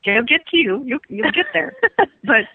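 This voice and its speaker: A woman's voice: on the high side, lively intonation, moderate pace, husky, no echo. Emphatic woman psychic over a phone line. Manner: emphatic, repeats words, laughs often. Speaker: psychic guest. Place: phone call into radio studio.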